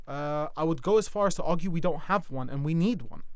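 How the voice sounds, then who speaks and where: A man's voice: on the high side, animated, brisk, smooth. A man co-hosting a casual basketball podcast, making long emphatic arguments and swearing. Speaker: podcast co-host. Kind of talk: heated casual chat.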